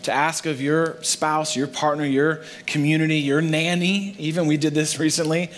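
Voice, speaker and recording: A man's voice: a little high, moderate pace, hardly any pauses, slight background noise. Earnest male pastor preaching to a church. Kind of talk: sermon. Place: church sanctuary.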